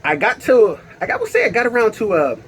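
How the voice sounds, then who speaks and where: A man's voice: high voice, wildly swooping pitch, fast, slight background noise. A man telling a personal story in a casual, slangy way, with lots of fillers and laughs. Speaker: storyteller vlogger.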